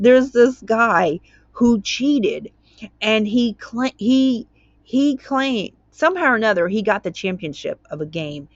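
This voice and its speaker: A woman's voice: on the low side, creaky, dry recording, muffled recording. A woman hosting her own channel, reading a court document aloud and commenting on it in a chatty way, tripping over words and wandering into tangents.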